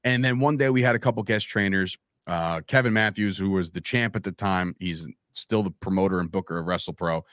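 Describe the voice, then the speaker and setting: A man telling stories as a podcast guest in a casual, animated way, acting out quoted lines and calling the listener "bro" and "man". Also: low-pitched, a little fast, dry recording, studio quality. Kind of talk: casual storytelling chat.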